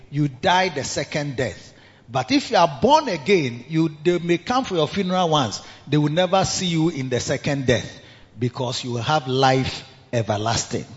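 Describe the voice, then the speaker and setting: A man with a Ghanaian accent preaching a sermon as pastor, emphatic and calling out to the congregation in a large cathedral. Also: a little high. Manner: emphatic, call-and-response preaching. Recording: reverberant hall, dull lo-fi sound.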